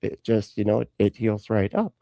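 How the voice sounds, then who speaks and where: A man's voice: on the low side, steady tone, moderate pace, gravelly, warm tone, dry recording. A man rambling through a comic drunken retelling of a story, interrupting himself often. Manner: rambling, self-interrupting, tipsy. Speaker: podcast co-host.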